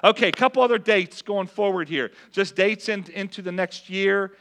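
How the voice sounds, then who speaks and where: A man with a somewhat high-pitched voice reads out church announcements to his congregation. He keeps it earnest and conversational, speaking straight to the people in front of him. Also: moderate pace, a bit bright. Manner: earnest and conversational, addressing the crowd directly. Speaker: pastor.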